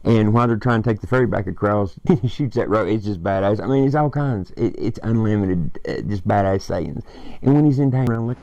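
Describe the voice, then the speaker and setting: A man's voice: lowish voice, animated, fairly quick, vocal fry, darkish tone, no echo, muffled recording. A man casually retelling a movie plot, rambling and swearing as he quotes lines. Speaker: movie fan vlogger.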